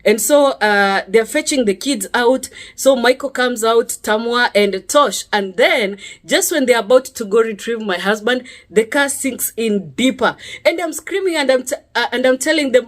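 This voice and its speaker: A woman's voice: a little high, moderate pace, few pauses. A woman with a Kenyan accent earnestly recounting a personal story, checking in with the listener with frequent tag questions and restarting her sentences. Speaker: speaker sharing a personal testimony.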